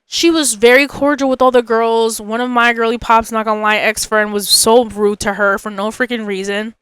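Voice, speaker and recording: A woman's voice: on the high side, level tone, moderate pace, fairly bright tone, clean tone, dry recording. A young woman hosting a podcast, telling a personal story in a chatty, rambling way, full of fillers and asides. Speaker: podcast host.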